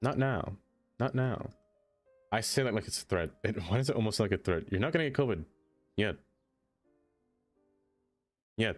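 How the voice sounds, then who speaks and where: Low-voiced man chatting while streaming a game. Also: animated, soft background music. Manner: talks to the game and reads chat aloud, quick to exclaim in dismay. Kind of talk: casual live-stream chatter while playing.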